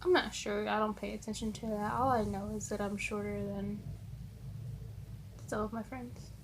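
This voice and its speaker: A woman's voice: mid-range voice, steady tone, moderate pace, background noise. A young woman vlogger answering Q&A questions and rambling through a story, filling her talk with "like" and swearing casually. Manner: chatty, rambling, lots of "like".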